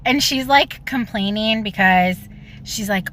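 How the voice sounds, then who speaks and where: A woman from Illinois ranting in a social media video, indignant and mocking, in rapid bursts. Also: mid-range voice, a bit bright, slight background noise. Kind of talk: social media reaction rant.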